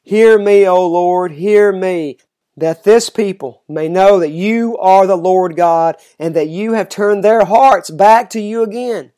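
Fierce, defiant prophet, declaiming and climbing to loud mocking cries, as a reader puts him on. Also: medium pitch, takes it slowly, lightly acted. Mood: pleading. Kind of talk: scripture reading aloud.

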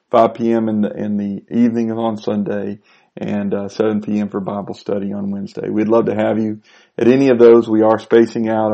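Low gravelly-voiced man giving a devotional. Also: lo-fi sound. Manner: gentle, unhurried, with frequent ums and uhs. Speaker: preacher. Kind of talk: short devotional talk.

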